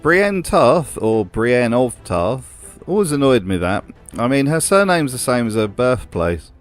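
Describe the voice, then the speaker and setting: A man hosting a comedic commentary video, with a dry, sardonic delivery. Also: medium pitch. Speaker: host.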